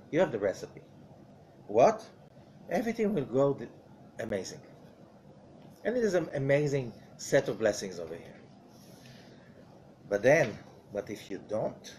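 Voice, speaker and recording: A man's voice: mid-range voice, a little mellow, slight background noise. A man, a rabbi, teaching a Zohar study lesson in a conversational way, often asking rhetorical questions.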